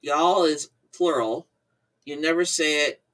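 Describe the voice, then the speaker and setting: A woman's voice: low-pitched, measured pace. A woman with a Midwestern American accent, co-hosting a casual chat, teasing and reading out comments. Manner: chatty, teasing, reads viewer comments aloud. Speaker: co-host. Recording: voice a bit far from the mic.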